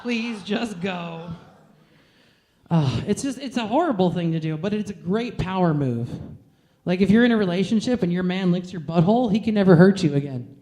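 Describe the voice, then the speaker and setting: A woman's voice: lowish voice, lively intonation, fairly quick, dark tone. A woman performing a stand-up comedy set with a brash, crude and self-mocking delivery.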